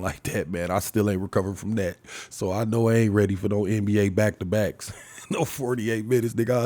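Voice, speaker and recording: A man in his forties rambles alone into a podcast mic, swearing and laughing as he goes. His voice sits low and mellow, and he speaks with loose, storytelling energy. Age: 40s. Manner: profane, animated storytelling with frequent laughs. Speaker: podcast host. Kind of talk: casual solo podcast monologue.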